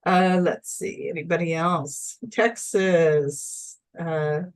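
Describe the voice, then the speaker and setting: A woman's voice: deep voice, fairly even intonation, slow pace. A woman co-hosting a casual livestream, chatting cheerfully as she reads out where viewers are tuning in from. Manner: upbeat, chatty, reading viewer comments aloud. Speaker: co-host.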